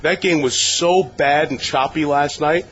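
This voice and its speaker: Higher-voiced man talking sports on radio. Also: measured pace, fairly bright tone, breathy edge. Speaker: guest broadcaster. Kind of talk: sports talk radio chat. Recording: slightly dull radio recording.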